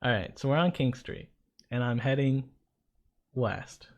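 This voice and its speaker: A man, co-hosting a casual chat and telling an animated anecdote. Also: mid-range voice, unhurried, muffled recording. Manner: animated anecdote-teller, conversational. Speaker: co-host.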